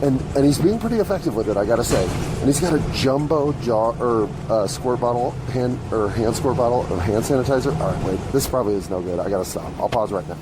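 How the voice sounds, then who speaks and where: A man hosting his own show tells a rambling, profane story while walking the street, waiting at bus stops, and riding a bus, recorded on a phone. His medium-pitched voice is quick with hardly any pauses, livening up as he retells events. Faint street and traffic noise sits in the background.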